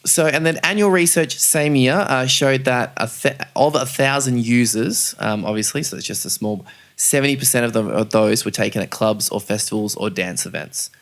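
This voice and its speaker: A man's voice: medium pitch, normal speed, fairly bright tone. A young man hosting a casual podcast discussion, chatty and hesitant with many fillers. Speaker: podcast host.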